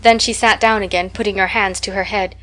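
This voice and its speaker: A woman narrates a classic novel for an audiobook. Her reading is measured and expressive, at a middling pitch. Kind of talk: scripted narration.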